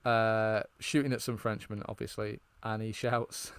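A man's voice: lowish voice, little pitch movement, measured pace, clean tone, no echo. Man chatting enthusiastically. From Britain. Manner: rambling, enthusiastic, lots of fillers and restarts. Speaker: podcast co-host. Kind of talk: casual film discussion.

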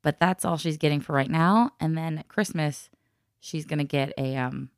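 A woman's voice: sits low, normal speed, smooth, dry recording, studio quality. A woman in casual chat who tells stories at length, laughs often and acts out the people she quotes.

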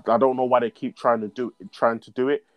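A man's voice: medium pitch, little pitch movement, brisk, dry recording. Young male, casual football-fan host, frustrated and sweary. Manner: frustrated, slangy, swears often. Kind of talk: casual chat, reacting to a football match.

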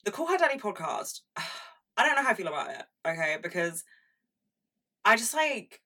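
A woman's voice: medium pitch, big pitch swings, moderate pace, sharp tone, recorded from a distance. A young woman hosting a podcast, speaking in a frank, chatty monologue full of "like" and swearing. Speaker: podcast host. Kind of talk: casual monologue on pop culture.

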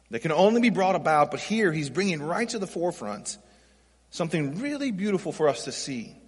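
A man's voice: sits high, husky, long reverb tail. A man preaching a sermon as pastor, in a casual, conversational way, with rhetorical questions and quoted lines acted out.

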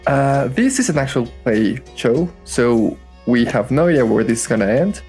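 A man's voice: normal speed, soft background music. Man narrating as dungeon master. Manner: animated, leaping pitch on key words. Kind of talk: tabletop game narration.

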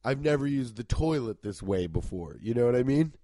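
A podcast host in his thirties from Cincinnati, Ohio, delivers a casual comedic monologue, rambling excitably and profanely while congested and sniffly from allergies. His voice is medium-pitched and a little fast, in a dry recording.

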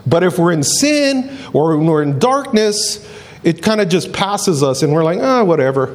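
A man preaching a sermon in an animated way, repeating phrases and acting out quoted voices. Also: high-pitched, moderate pace. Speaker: pastor.

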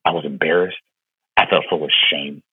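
Earnest pastor on a tinny phone line. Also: male voice, a bass voice, fairly even intonation, moderate pace, husky, no room sound. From Florida. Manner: earnest, heartfelt, with many fillers and repeated words. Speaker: pastor, podcast guest. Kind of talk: personal storytelling in an interview.

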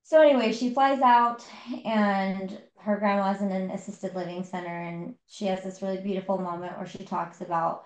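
Podcast co-host, woman, mid-pitch, talks through a book story with lots of fillers. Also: steady tone, normal speed, echoey room, poor audio. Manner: retelling a story with many fillers. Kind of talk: casual book discussion.

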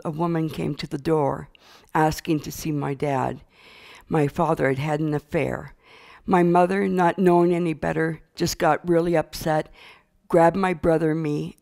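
An older woman telling a personal story from her childhood, earnest and unhurried, with small fillers. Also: sits low, creaky, mellow. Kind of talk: personal testimony.

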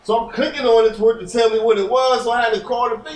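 A man hosting a podcast, telling loud, profane stories in casual banter. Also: extremely high pitch, racing, hardly any pauses. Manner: loud animated storytelling with profanity. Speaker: podcast host. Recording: echoey room, mic at a distance.

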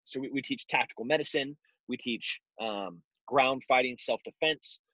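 Here the self-defense instructor sounds bright and forceful, his mid-range voice moving at a moderate pace as he bluntly tells stories with mocking asides in casual interview talk. The recording is dry, dull, and lo-fi.

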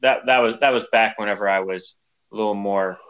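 A man's voice: fairly low pitch, steady tone, a little fast, a bit bright, clear, resonant tone, highs cut off. A man co-hosting a podcast, casually chatting about a movie and acting out lines from it. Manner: easygoing, acts out quoted lines. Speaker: podcast co-host.

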